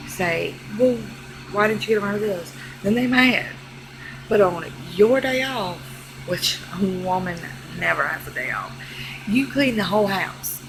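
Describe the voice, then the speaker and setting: A woman's voice: medium pitch, noisy background. A young adult woman vlogger giving a sassy, exasperated comedic rant straight to camera. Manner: sassy, exasperated, animated delivery.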